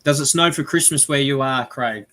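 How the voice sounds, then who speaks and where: A man's voice: medium pitch, moderate pace, slight background noise. An Australian man hosting a casual live-stream chat, talking loosely and laughing often. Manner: chatty, laughs often, animated impressions. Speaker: live show host.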